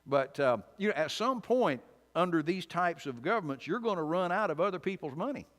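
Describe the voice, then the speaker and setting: A man's voice: on the high side, lively intonation, fairly quick, a bit bright. A man preaching a conversational sermon and Bible study, informal and wry, often restarting his sentences. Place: church sanctuary. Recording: long church reverb.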